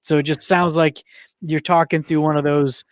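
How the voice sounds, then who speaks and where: A man's voice: a little high, little pitch movement, normal speed, no echo. A man co-hosting a casual podcast, laid-back and rambling, often repeating words as he starts a sentence. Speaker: podcast co-host.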